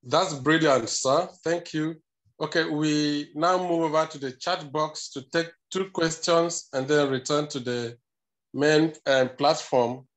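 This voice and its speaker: A male moderator with a somewhat high voice speaks slowly and politely. He reads out audience questions in a measured, courteous way as he steers an online panel. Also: steady tone, a bit bright.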